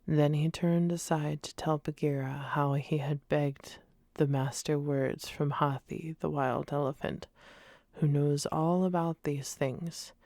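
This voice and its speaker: A soft-spoken woman narrating a storybook in a whispered role-play for sleep. Her slow reading has a gravelly texture and drops into breathy unvoiced whispers. A close, dry mic catches every detail. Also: low-pitched, no room sound. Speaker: ASMR storyteller. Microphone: close binaural studio mic.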